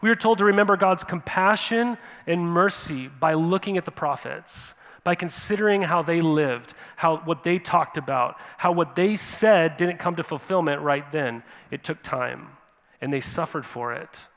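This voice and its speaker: Male pastor, sermon delivery, voice a touch high, long church reverb. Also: normal speed. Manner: animated, repeats "right?" to the congregation. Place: church sanctuary.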